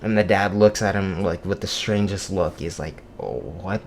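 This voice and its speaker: Young man, low voice, loose and crude, telling a long rambling joke with faint ambience behind him. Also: steady tone, normal speed, slight background noise. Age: young adult. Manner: casual, profane, laughs at own jokes, many fillers. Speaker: joke teller. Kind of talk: rambling shaggy-dog joke.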